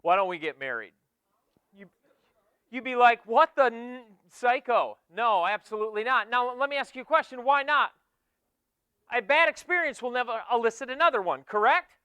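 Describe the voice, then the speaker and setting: Animated, playful man with a bright high voice. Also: moderate pace, clean tone, dry recording. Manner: animated, jokey, audience-teasing, swings from loud to hushed. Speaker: keynote speaker. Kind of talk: energetic motivational keynote talk. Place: conference hall with a student audience.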